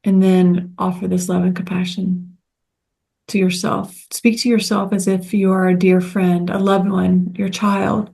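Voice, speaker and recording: Gentle woman teacher, even-toned. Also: fairly low pitch, a little slow, vocal fry. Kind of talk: guided teaching talk.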